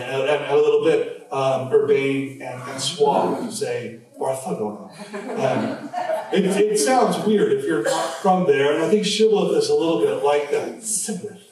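In a church sanctuary, a pastor preaches an expository sermon conversationally, often restarting and using fillers, his pitch fairly high and his tone darkish. The hall is very echoey, the mic is distant, and faint noise is audible.

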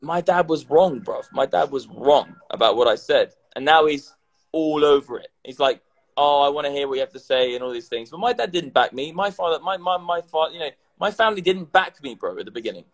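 A slightly high-voiced man talks loosely on a livestream, a little drunk. He swears freely, repeats phrases and runs on in an animated, casual way. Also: brisk, low-quality recording. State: tipsy. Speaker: crypto content creator.

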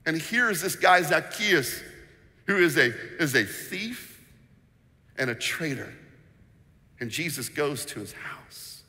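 A man preaching a sermon as pastor, telling stories with animated energy and acting out the voices in them. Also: on the high side, slow, long pauses. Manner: animated storytelling, acts out quotes; sings snippets of a children's song. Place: church sanctuary. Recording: long reverb in a church hall.

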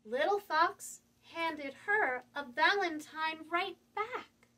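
A woman librarian reading a picture book aloud to young children, animated and sing-song, asking them questions along the way. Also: very high voice, slow.

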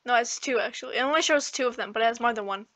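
A woman's voice: a little high, racing, fairly bright tone. A woman playing a video game with a friend, giggly and playful in casual banter. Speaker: gamer.

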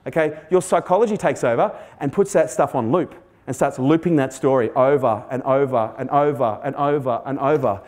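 A man's voice: medium pitch, normal speed, hardly any pauses, a little mellow. A man giving a motivational keynote, blunt and sweary, quizzing the audience. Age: 40s. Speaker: keynote speaker. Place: stage before a live audience.

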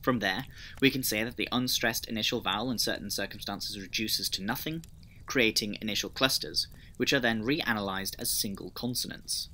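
A man's voice: lowish voice, normal speed, bright, forceful tone. A man narrating a scripted lesson on building a constructed language, methodical and explanatory, with dry personal asides. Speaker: conlang video creator.

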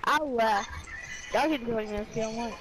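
A woman's voice: a little high, normal speed, a loud crowd. A woman streaming a video game, chatting casually and trash-talking her teammates. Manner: loud trash talk, swearing. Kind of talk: casual chat while gaming. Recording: loud game noise behind.

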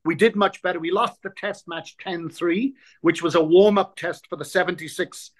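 An Irish man in his sixties, a former rugby player, tells rugby stories as an interview guest in a high voice at normal speed. A lively raconteur, he acts out the voices of the people he quotes and repeats words while searching for the right one.

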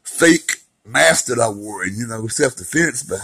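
Man, husky, middle-aged, rambling, heartfelt, slangy personal monologue. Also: mid-range voice, animated, unhurried, fairly bright tone, rough recording. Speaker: vlogger sharing recovery story.

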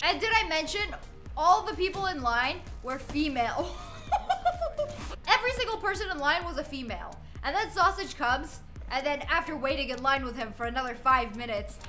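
Young woman gaming and chatting, high bright voice, rambly, cusses at the game, faint music. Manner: rambling, swears at the game, laughs often. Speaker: gaming streamer. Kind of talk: casual storytelling while playing.

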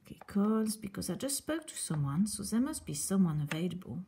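A woman's voice: mid-range voice, sing-song, fairly quick, mellow, slight background noise. A woman on a speakerphone call to a company, muttering wry asides and then speaking politely but firmly. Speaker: customer phoning a company. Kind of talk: vlog of a customer service call.

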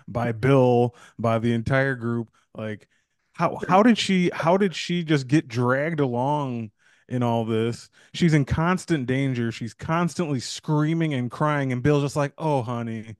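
Animated man on a dry podcast mic. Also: mid-range voice, unhurried, no room sound. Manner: animated, acts out characters' lines. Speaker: podcast co-host. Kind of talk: casual movie discussion.

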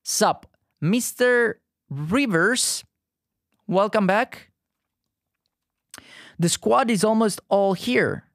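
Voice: mid-range voice, drawn-out words, long pauses, no echo. Chatty live streamer, native Italian, heavy Neapolitan accent, dry close sound. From Naples, southern Italy. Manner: chatty, talks straight to the viewers. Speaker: livestreamer. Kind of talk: casual livestream chat.

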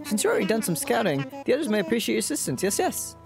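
A chirpy, slightly pompous raccoon businessman from a video game greets new island settlers, as a streamer puts him on. The voice bounces lively up and down, and game music plays clearly behind it. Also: mid-range voice, rapid-fire, voice pushed up. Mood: encouraging. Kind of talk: reading game dialogue aloud.

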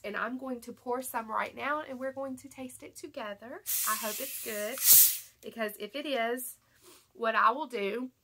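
A young woman with a Southern American accent, congested from allergies, chatting excitedly and rambling through a shopping haul vlog. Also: medium pitch. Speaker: haul vlogger. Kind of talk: casual chat to camera.

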